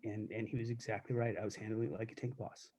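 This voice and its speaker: A middle-aged man, a self-defense instructor, swaps candid, profane stories about his years as a corrections officer in a casual live chat, restarting often. His voice sits on the low side with little pitch movement, dark and husky, and he talks fast.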